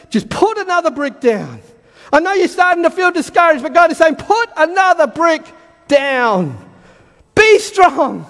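A man preaching a sermon with fervour, repeating key lines and building to shouts, his voice going hoarse. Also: extremely high pitch, big-room sound.

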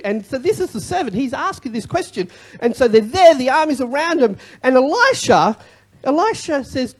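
A pastor preaching a sermon in an animated way, with joking asides and repeated key phrases. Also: high voice, normal speed.

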